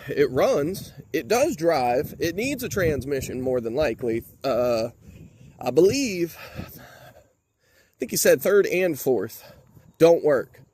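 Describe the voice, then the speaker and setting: A man's voice: on the high side, big pitch swings, takes it slowly, long pauses, a little mellow, slight background noise. A man, swearing and threatening in a heated rant to his vlog audience, then talking casually about his truck project. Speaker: vlogger, truck project owner. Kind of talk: angry rant to camera.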